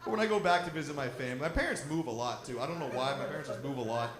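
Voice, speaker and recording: A young man doing a stand-up comedy set, telling a profane, animated story at a live show in a lodge. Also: mid-range voice, racing. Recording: roomy live recording with crowd noise.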